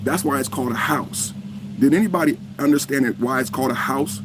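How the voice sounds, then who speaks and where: A man of fifty hosting a live podcast, reacting heatedly, cursing and shouting at trolls in the chat while he holds his phone. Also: mid-range voice, brisk, noisy background. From United States. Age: 50s. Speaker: podcast host. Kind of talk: live-stream reaction talk. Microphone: phone held in hand.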